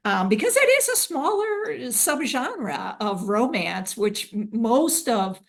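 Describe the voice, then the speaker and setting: A woman's voice: a little high, big pitch swings, slow pace. A woman podcast host interviewing a guest in a conversational, affirming way.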